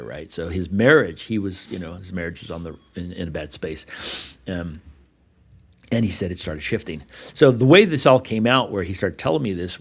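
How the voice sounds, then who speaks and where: A man with a deep, low-pitched voice co-hosts a podcast, telling a story in loose, casual talk. He rambles, restarts his sentences and acts out what other people said, dropping the odd swear word along the way. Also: creaky. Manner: rambling, animated retelling with restarts and acted-out quotes. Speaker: podcast co-host.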